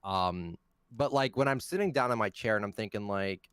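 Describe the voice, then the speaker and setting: A man's voice: on the low side, expressive, a little fast, a bit bright, clear, resonant tone, no echo. A man being interviewed as a content creator, speaking in a laid-back, blunt way with casual swearing.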